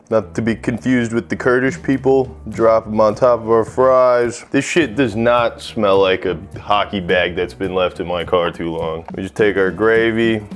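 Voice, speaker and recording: A young American man hosting a casual cooking vlog, joking and swearing as he rambles over faint music. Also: lowish voice. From United States. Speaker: cooking channel host.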